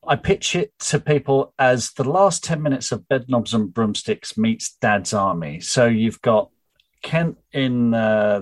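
A man's voice: medium pitch, low-quality recording. A middle-aged man, the book's author, chatting upbeat about his novel and then reading from it aloud. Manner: chatty and upbeat, with small restarts.

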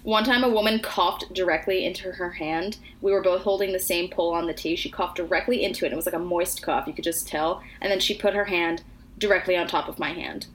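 A woman's voice: lowish voice, steady tone, a little fast, fairly bright tone, slight background noise. A young woman co-hosting a casual podcast, talkative and earnest, with plenty of "you know" and "like.". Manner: earnest, talkative, many fillers. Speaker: podcast co-host. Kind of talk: casual chat.

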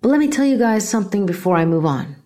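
A middle-aged California woman talks on her own podcast in a medium-pitched, mellow voice, speaking fast with big pitch swings. As host, she's blunt and sarcastic, swearing freely while ranting loosely and casually about politics.

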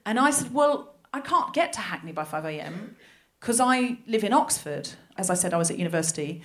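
An Australian woman in her thirties doing stand-up storytelling for a live audience, animated and self-mocking, often laughing through her lines. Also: medium pitch, a little fast, few pauses. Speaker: comedy podcast host. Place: large hall with live audience.

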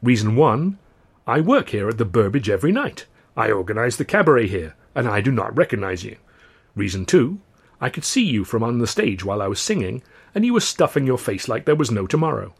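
A man's voice: mid-range voice, big pitch swings, a little fast, gravelly, husky, exaggerated voice. A man voicing a genial, polite big male singer with a melodious, courteous way of speaking. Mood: amused. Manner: courteous, gently probing.

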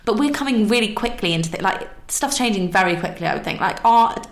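A woman hosts a podcast in casual chat. She talks fast and tells stories with an animated, chatty flow. Her voice carries a roomy echo. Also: mid-range voice. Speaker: podcast host.

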